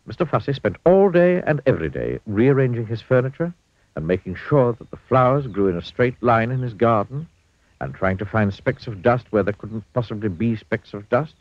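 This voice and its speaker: A man reading a children's storybook aloud in a playful, expressive way. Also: fairly low pitch, normal speed, no room sound. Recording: dull lo-fi dry recording.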